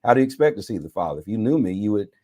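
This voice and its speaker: A man's voice: fairly low pitch, sing-song, racing, a little mellow, no room sound, clean studio sound. A man, a bishop, reading scripture aloud with dramatic emphasis, now and then correcting himself and adding his own remarks. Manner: dramatic reading with self-corrections and side comments.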